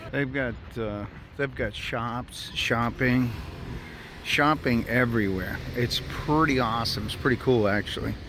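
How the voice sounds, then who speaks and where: A man's voice: medium pitch, measured pace. A man chatting casually as he walks a city tour for his travel vlog, thinking aloud. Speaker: travel vlogger. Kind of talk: casual walking tour narration. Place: city streets outdoors. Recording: outdoor street noise.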